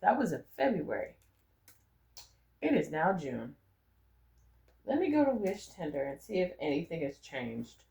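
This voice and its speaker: Low-voiced woman telling frank, profane stories. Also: a little slow, gravelly, long pauses. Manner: frank, profane, animated storyteller. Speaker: vlogger. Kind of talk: candid personal storytelling.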